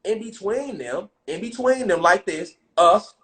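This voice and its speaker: A man telling a spiritual story in casual, profane street slang, getting loud and excited at times. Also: sits high, unhurried. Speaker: speaker.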